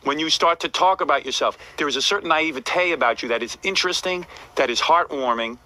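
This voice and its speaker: A man's voice: a little high, brisk, bright, forceful tone, low-quality recording. A man hosting a radio show, lecturing a staff member in a blunt, repetitive way.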